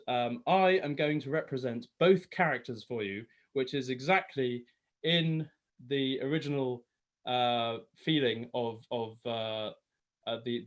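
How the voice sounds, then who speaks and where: Slow, rambling man introducing a song. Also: medium pitch. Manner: rambling, full of fillers and self-corrections. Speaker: singer. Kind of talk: casual spoken introduction to a song. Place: home, lockdown online concert.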